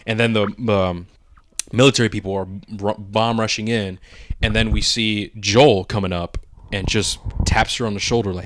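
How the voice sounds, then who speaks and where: A man's voice: on the low side, steady tone, normal speed, fairly bright tone. A man co-hosting a podcast, chatting casually and animatedly through a movie spoiler review, laughing often and acting out quotes. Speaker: podcast co-host.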